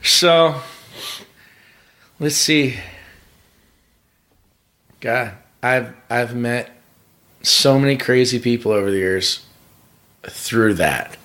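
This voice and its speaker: A man's voice: mid-range voice, extremely slow, long pauses, a bit bright. A man, a pit crew member, guesting on a podcast and telling rambling, profane stories, often laughing. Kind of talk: casual storytelling.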